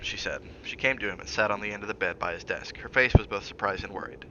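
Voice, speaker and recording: A man reading a novel aloud on a stream, with steady dramatic emphasis. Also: on the low side, quick pace, few pauses, muffled recording, a little hiss or hum.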